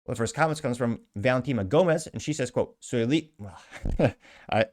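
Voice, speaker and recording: A man's voice: medium pitch, fairly quick, a little mellow. A man hosting a commentary show, reading out comments and ranting with indignant sarcasm. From United States. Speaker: host.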